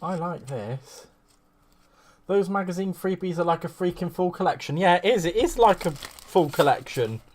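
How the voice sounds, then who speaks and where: A man's voice: high voice, lively intonation, moderate pace, a little mellow. Chatty man gushing over crafts. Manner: gushing, rambling, greets viewers fondly. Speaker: craft livestream host. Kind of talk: chatty live crafting stream.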